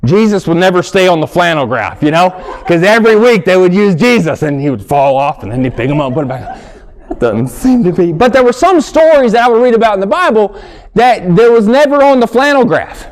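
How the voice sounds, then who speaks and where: A high-voiced stand-up comedian performs a set on stage before a live audience, speaking briskly and leaping all over in pitch. He's super animated, telling stories and acting out characters.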